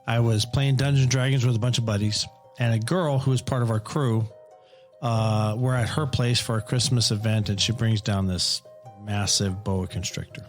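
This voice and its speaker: Middle-aged dad, profane, rambling storyteller, mid-pitched, faint music underneath. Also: male voice, fairly even intonation, normal speed. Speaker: podcast guest, father. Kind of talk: casual storytelling.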